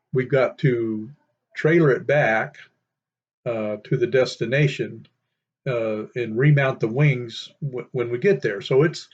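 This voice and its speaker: An older man tells old stories at an unhurried, meandering pace, filling his pauses with small fillers. His mid-range voice comes through a dull, lo-fi recording. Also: medium pitch. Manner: rambling, with many fillers. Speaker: storyteller. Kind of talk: casual reminiscing. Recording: dull lo-fi sound.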